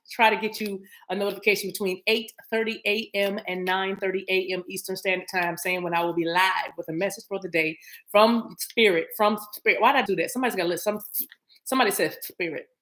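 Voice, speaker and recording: A woman's voice: medium pitch, fairly bright tone. A woman hosting a daily spiritual live stream, chatting playfully with her viewers and laughing often. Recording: echoey room.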